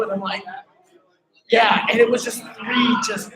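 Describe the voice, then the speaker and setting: A comedian telling animated stories on a live podcast, acting out the people he quotes. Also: high voice, unhurried, a crowd in the background. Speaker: stand-up comedian and podcast guest. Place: live show venue. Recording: echoey live venue with audience.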